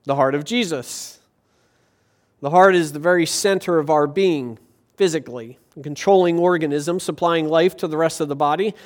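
A man's voice: a little high, normal speed. A man preaching a sermon as pastor, reading scripture and telling anecdotes with light humor, asking the congregation rhetorical questions.

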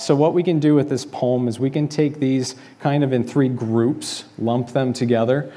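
Mellow-voiced male pastor preaching. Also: mid-range voice. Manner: conversational, explanatory preaching with rhetorical questions. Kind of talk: sermon. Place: church sanctuary.

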